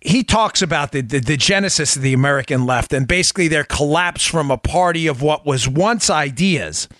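A man hosting a political podcast, talking in an emphatic, animated commentary style and laughing often. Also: on the high side, brisk, no echo, clean studio sound. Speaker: podcast host.

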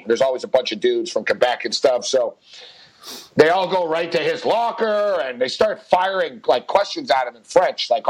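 A man's voice: a little high, rough recording. A man co-hosting a sports podcast, telling joking stories in casual banter. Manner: joking storyteller, quick asides. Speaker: podcast co-host.

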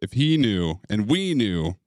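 Lively, joking male podcast producer. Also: lowish voice, unhurried, no echo, clean studio sound. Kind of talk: casual chat.

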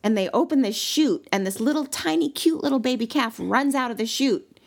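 A woman co-hosting a casual chat, telling a long story with animated delivery and sudden high squeals. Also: a little fast, creaky.

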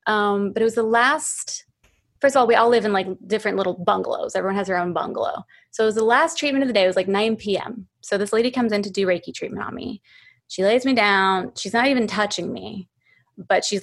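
Chatty woman telling a spooky story. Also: medium pitch. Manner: chatty, heavy on "like" fillers, swears freely. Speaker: podcast guest, singer-songwriter. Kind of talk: casual storytelling.

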